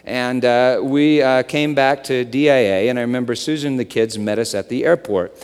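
A middle-aged man from the United States preaching a sermon, telling stories and swinging between loud excitement and a soft hush. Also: medium pitch, normal speed, smooth. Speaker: pastor. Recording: long hall reverb.

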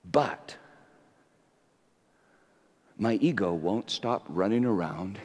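A male preacher giving a sermon, moving from quiet reflection into fervent, rising exhortation, in an echoey hall. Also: fairly low pitch, lively intonation, takes it slowly.

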